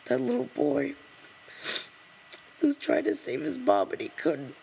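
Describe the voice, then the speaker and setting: A woman reading an open letter aloud to the camera while crying, halting and breaking off to apologize. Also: high-pitched, huge pitch swings, vocal fry, mellow, slight background noise, low-quality recording. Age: adult over 20. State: crying, tearful. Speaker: vlogger.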